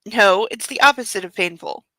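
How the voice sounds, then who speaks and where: A woman reading the lines of a shy, giddy young bride, soft and hesitant. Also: mid-range voice, normal speed, no echo, close to an everyday voice, rough recording. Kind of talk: reading a novel aloud.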